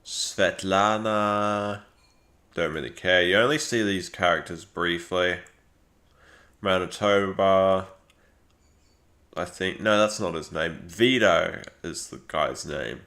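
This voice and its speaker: Low slow guy on a livestream, rambles, lots of um and like, restarts his sentences. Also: pushed and bright. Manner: rambling, frequent fillers and restarts. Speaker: streamer. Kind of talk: casual live-stream commentary.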